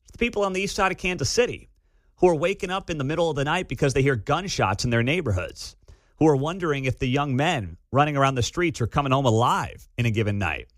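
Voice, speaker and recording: Talking fast, this man hosts a talk radio program and dishes out sarcastic remarks from his studio. The studio mic yields a dry sound with his medium-pitched voice and lively delivery.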